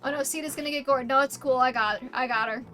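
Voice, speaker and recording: A woman's voice: sits high, fairly even intonation, fast, sharp tone, faint music behind. A young woman streamer giving casual, crude and sarcastic gameplay commentary.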